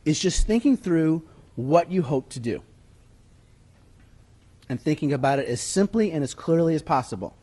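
A man's voice: a little high, lively intonation, moderate pace, long pauses, mellow, slightly rough. A man teaching a writing workshop. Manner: conversational teaching, emphatic, with handout references. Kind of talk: workshop lecture. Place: room with an audience. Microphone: moves away from the mic at times.

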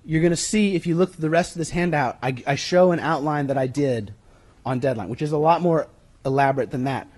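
A man's voice: a little high, a little fast, darkish tone. A man teaching a writing workshop. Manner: conversational teaching, emphatic, with handout references. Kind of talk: workshop lecture. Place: room with an audience. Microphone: moves away from the mic at times.

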